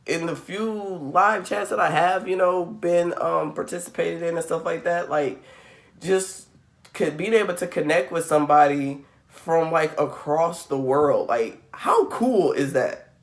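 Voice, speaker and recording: A man's voice: high voice, unhurried, creaky. A man in his thirties hosting a spiritual channel, talking casually to camera at home and saying "like" constantly. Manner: rambling, says "like" constantly, acts out quoted voices. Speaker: spiritual reading channel host.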